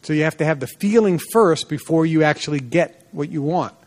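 Animated male seminar speaker, slightly higher voice. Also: fairly quick. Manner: animated storyteller, acts out dialogue in a lively voice. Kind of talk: seminar lecture with personal stories. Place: seminar room before a live audience.

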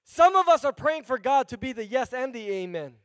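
Man preaching in church, high voice, lively conversational delivery, dry sound. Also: brisk, clean tone, dry recording. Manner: animated preaching with conversational asides. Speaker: pastor. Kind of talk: sermon.

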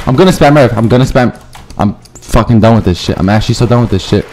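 A man giving profane live commentary over his own gameplay, muttering low and then yelping up high when things go wrong. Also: fast talker, noisy background. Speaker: gaming YouTuber.

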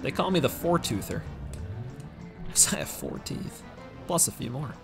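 A young man narrates his speedrun in a casual, jokey way, poking fun at himself and bantering with chat. His middle-pitched voice swings widely, and soft game music plays underneath. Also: wildly swooping pitch, normal speed, gravelly. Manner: jokey, self-deprecating, chatty with viewers. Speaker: speedrunner streamer. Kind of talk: casual live-stream commentary.

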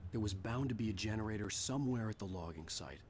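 An actor playing a brooding male writer who narrates his own nightmare in a grim, measured game voice-over, sometimes hushed. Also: lowish voice, slight background noise, natural voice. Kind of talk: scripted noir game narration.

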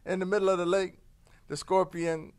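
A man telling a fable in an animated, conversational way during a discussion show. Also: high-pitched, moderate pace, clear, resonant tone. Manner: animated, conversational, with filler words. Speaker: panel guest. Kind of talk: storytelling in a discussion.

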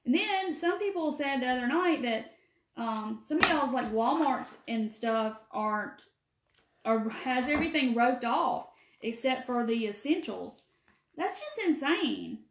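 A woman's voice: high voice, expressive, measured pace. Chatty Southern woman in an echoey room. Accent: Southern US, Mississippi. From Mississippi. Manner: folksy, talkative, answers viewer comments by name. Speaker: craft live-stream host. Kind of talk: chatty live craft demo. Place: empty room.

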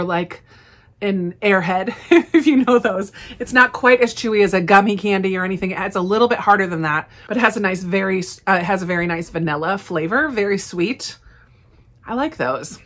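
A woman chatting casually as she unboxes and tastes snacks, upbeat and quick to laugh. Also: medium pitch, pushed and bright. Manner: chatty, enthusiastic, frequent laughs. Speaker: snack reviewer. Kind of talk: casual unboxing and tasting vlog.

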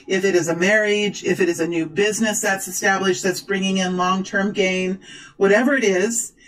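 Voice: mid-range voice, normal speed, low-quality recording. A tarot reader talking to viewers during a card reading, gushing and exclaiming. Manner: excitable, exclaims and gushes.

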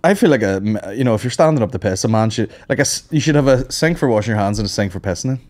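A man's voice: fairly low pitch, animated, very fast, darkish tone. A man hosting a podcast, chatting crudely and laughing a lot. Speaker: podcast host. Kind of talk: casual comedic chat.

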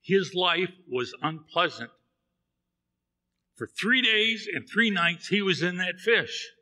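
A man's voice: sits high, lively intonation, slow, pushed and bright, big-room sound. A man preaching a sermon in a church, telling a Bible story and acting out the characters' lines. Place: church sanctuary.

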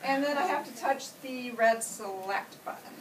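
A woman teacher gives a classroom demonstration, upbeatly guiding children through an app one step at a time. Her voice sits high and she talks at a normal speed while music plays in the background. The camera is far off in an echoey classroom, and the sound is noisy.

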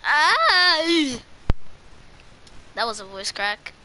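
Giggly female streamer, slightly high voice, rambles at chat over a noisy line with clicks. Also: normal speed, bright, forceful tone. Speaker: livestreamer. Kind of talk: casual livestream chat reacting to viewers.

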